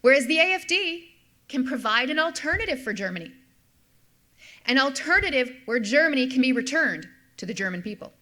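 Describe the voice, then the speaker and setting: A woman's voice: high-pitched, very animated, fairly quick, sharp tone. A middle-aged woman, a history professor, giving an explanatory lecture and repeating key points for emphasis. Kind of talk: lecture with slides.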